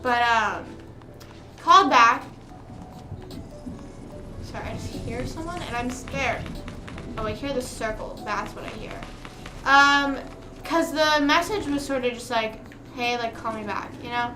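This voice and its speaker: A woman's voice: a little high, unhurried, pauses often, pushed and bright. A young woman streaming live, chatting casually and telling a rambling story with quoted back-and-forth while she games. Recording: roomy room with music playing.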